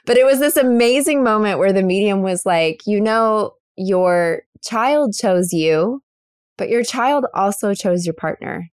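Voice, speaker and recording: Brief: woman co-host, animated storyteller, close dry mic. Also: mid-range voice, a little slow, smooth, no room sound. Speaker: podcast co-host. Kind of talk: casual chat.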